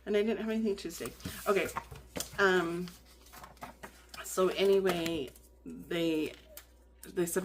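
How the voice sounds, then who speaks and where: A woman's voice: lowish voice, unhurried, slight background noise. A woman vlogger chatting in a rambling way with lots of fillers and restarts while she decorates her planner. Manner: rambling, many fillers and restarts, laughs often.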